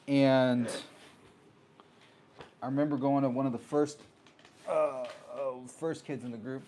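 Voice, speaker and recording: A man hosting his own talk show, telling a personal story in a casual, animated way and acting out the voices of people he met. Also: mid-range voice, a little slow, slight background noise. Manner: animated, acts out quoted voices. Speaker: host.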